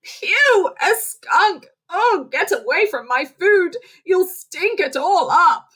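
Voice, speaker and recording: A woman voicing a prim squirrel who quickly turns indignant. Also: medium pitch, big pitch swings, warm tone, husky.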